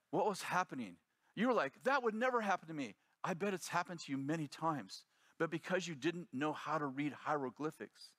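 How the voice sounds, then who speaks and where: A middle-aged man preaches as a pastor, telling a lively story and slipping into the voices of the people in it. His voice sits a little high for a man. The sound is close and dry. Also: no echo. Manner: animated storyteller acting out quoted voices. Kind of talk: sermon storytelling.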